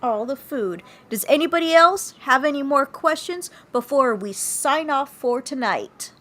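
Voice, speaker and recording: A woman's voice: high voice, a little slow. A young woman hosting a livestream interview, chatting casually and laughing often. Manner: giggly, animated storytelling. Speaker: livestream host.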